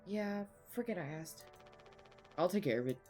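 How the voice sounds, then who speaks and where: A woman reading the lines of a timid young nurse, halting and hesitant. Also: lowish voice, lively intonation, darkish tone, faint music behind, natural voice.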